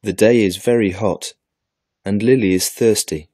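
A man reads a children's story for an English lesson, clear and deliberate. His voice is low and mellow and his pace is very slow. The recording is dry and close. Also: fairly even intonation, no echo. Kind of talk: slow scripted storybook narration.

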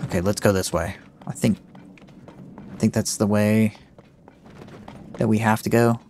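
A man giving let's play commentary, talking to himself and reacting aloud with excitement as he plays. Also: fairly low pitch, unhurried. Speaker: gamer. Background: game music.

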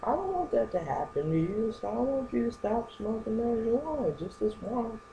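A young man rambling through a goofy comedic vlog monologue, going from joke to joke with silly deadpan asides. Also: very high-pitched, normal speed, gravelly, muffled recording, a little hiss or hum. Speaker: vlogger.

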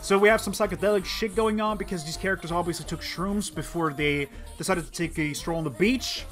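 A man hosting a let's play, rambling through excitable, sarcastic gameplay commentary. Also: sits high, fairly quick. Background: faint game music.

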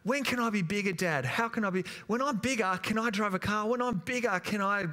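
A man's voice: a little fast, sharp tone. A man doing an eager little boy. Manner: pleading, high-pitched child voice. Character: eager small boy desperate to grow up.

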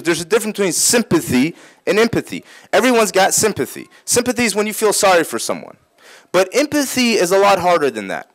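A man giving a religious talk, explaining points patiently and repeating key phrases for emphasis. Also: fairly high pitch. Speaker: Islamic speaker.

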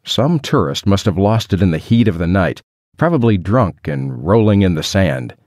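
A man's voice: deep voice, very animated, normal speed, darkish tone, dry recording. A man narrating an adventure story in the first person, with a dry, wry storytelling manner. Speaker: audiobook narrator.

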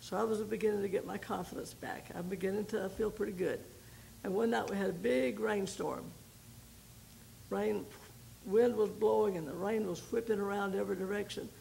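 An older woman, a missionary, giving a folksy personal testimony to a women's group, telling her story with pauses and repeated starts. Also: mid-range voice, fairly even intonation, vocal fry, dark tone, slight background noise, rough recording. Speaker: missionary speaker.

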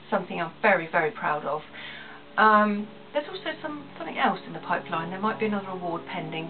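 Business woman doing a vlog, earnest, kinda far from the mic, tinny sound with hiss. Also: medium pitch. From England. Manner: earnest and emotional, repeats phrases. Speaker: small business owner vlogging. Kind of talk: personal vlog to camera. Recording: tinny phone-like audio, distant, faint hiss.

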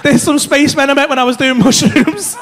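A man doing stand-up comedy, telling a story in a loud, animated way, full of swearing. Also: very high voice, a little fast, a faint crowd, slight background noise. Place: comedy club stage.

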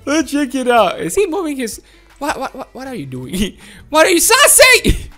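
A woman giving excited gameplay commentary, gasping and laughing as she talks to her viewers. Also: high-pitched, measured pace, faint music behind. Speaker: gameplay video host.

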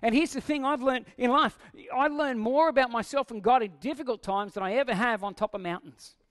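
A man's voice: extremely high pitch, a little fast, fairly bright tone. A man preaching a sermon in a conversational way, asking the listeners questions and acting out quoted lines. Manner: acts out quoted lines in a raised voice. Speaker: pastor.

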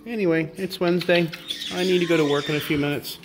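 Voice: mid-range voice, fairly even intonation, fast talker, heavy background noise. A bird sanctuary caretaker chatting to pet parrots in cooing baby talk indoors, with asides to viewers. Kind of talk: casual vlog, talking to pet parrots. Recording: loud music playing behind.

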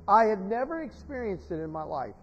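High-voiced preaching man in a church. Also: sing-song, a little fast, slightly rough, soft background music. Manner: storytelling, rising to loud emotional preaching. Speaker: pastor. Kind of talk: sermon. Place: church sanctuary. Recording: dull sound in a reverberant church hall.

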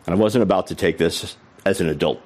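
A man's voice: low-pitched, fast, darkish tone. A middle-aged man giving a humorous storytelling keynote talk on stage. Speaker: keynote speaker.

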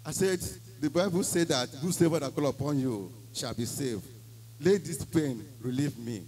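A man's voice: a little high, moderate pace, darkish tone, rough recording. A man with a Nigerian accent giving an emphatic church testimony, slipping into Pidgin phrases as he tells his story.

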